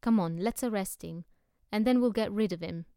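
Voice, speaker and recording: A woman's voice: mid-range voice, normal speed, mellow, clean tone, dry recording, studio quality, close to an everyday voice. Woman reading as a hot-headed young poet. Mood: urgent. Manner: blunt and urgent, often whispering.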